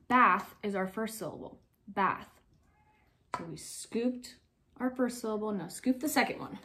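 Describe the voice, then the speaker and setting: A young woman teacher giving slow, clear, step-by-step instructions in a phonics lesson for young children. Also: mid-range voice, pushed and bright.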